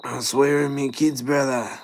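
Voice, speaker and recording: A man voicing a brash young male street hustler in Australian eshay slang, high, loud and swaggering. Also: little pitch movement, a little slow, a little hiss or hum, natural voice, poor audio. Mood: pleading. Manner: wheedling and aggressive, calls everyone brother.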